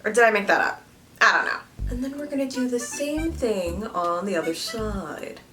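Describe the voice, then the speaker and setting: A woman's voice: mid-range voice, lively intonation, moderate pace, sharp tone. A young woman chatting playfully to viewers while doing her makeup on camera. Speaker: beauty vlogger. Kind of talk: casual makeup tutorial chat.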